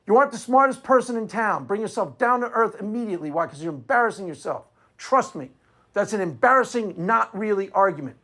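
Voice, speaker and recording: A man's voice: high-pitched, animated, a little fast, sharp tone. A man giving a combative, sarcastic monologue on philosophy, often asking himself "why?" before answering. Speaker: apologetics commentator. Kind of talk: argumentative monologue.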